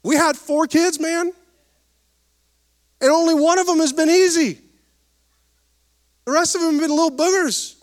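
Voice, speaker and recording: Pastor guy preaching, voice sits pretty high, swings up and down, jokey and folksy. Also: steady tone, moderate pace, long pauses. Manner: preacherly, rising and falling emphasis, calls for amens; folksy humor. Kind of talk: sermon.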